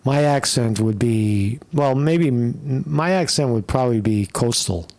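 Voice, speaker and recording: A man commenting on a live stream rambles and curses, reading out viewer questions and stopping often to ask "right?" His mid-range voice has lively intonation and a darkish tone, at a measured pace.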